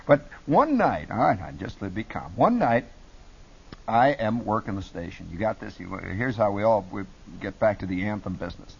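A middle-aged man telling animated stories about his radio days as a talk show guest. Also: lowish voice, normal speed, vocal fry, husky. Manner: lively, jumps between put-on radio voices. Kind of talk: animated storytelling. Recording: dull lo-fi broadcast audio.

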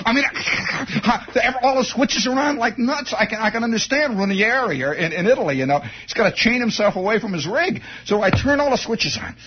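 An excitable man tells a comic anecdote in a high, husky voice, stammering and restarting as he builds momentum. The recording is muffled and lo-fi. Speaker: storyteller. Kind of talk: comic first-person anecdote.

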